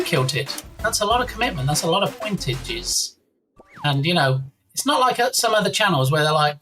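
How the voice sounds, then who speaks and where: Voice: medium pitch, lively intonation, fairly quick, a bit bright, faint music behind. A live-stream host chatting casually and playfully, reading out viewer names and thanking them one by one. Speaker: livestream host.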